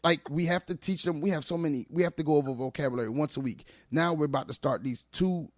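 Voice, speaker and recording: A man who works as a teacher, talking as a guest on a podcast, telling animated, emphatic stories. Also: on the high side, fast talker, no echo, clean studio sound. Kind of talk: casual podcast conversation.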